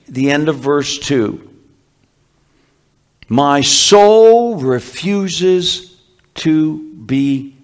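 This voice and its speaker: A man preaching a sermon, reading scripture aloud and explaining it with slow, emphatic rises. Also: a little high. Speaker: pastor.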